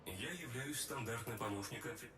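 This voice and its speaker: A man's voice: medium pitch, animated, brisk, a bit bright, echoey room, far from the mic, a little hiss or hum, natural voice. A man voicing a formal cockpit assistant. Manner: formal, informative. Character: calm formal male spaceship cockpit voice assistant. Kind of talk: game voice line.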